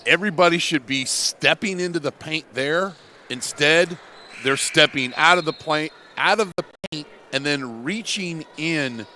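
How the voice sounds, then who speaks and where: A man's voice: a little high, a little slow, pushed and bright, slight background noise. A man in his fifties giving basketball color commentary, explaining plays in a coach-like way. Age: 50s.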